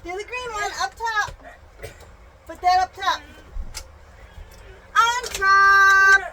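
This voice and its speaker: A young mother plays with her child at home, her voice very high and her delivery slow and drawn out. She gasps and does animal sounds in a playful singsong. Her phone picks up a steady hiss of background noise. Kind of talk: home video, playful teaching. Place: home room. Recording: noisy home phone recording.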